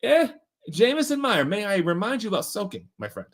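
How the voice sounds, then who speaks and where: A man's voice: high voice, big pitch swings, fairly quick. A man in his forties, hosting a casual live stream and jokingly reading viewer comments aloud. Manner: joking, reads comments aloud in mock-dramatic voices.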